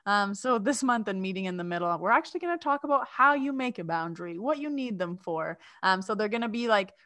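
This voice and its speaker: Lively woman in dry close-mic chat. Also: medium pitch, fast talker, no echo. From Lebanese heritage. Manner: animated, breaks into loud mock-yelling. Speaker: co-host, spiritual coach. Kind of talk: casual podcast chat.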